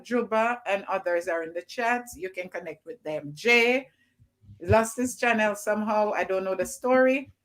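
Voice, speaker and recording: A woman hosting a livestream, giving brisk, chatty instructions to her viewers. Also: medium pitch, darkish tone, low-quality recording. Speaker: livestream host.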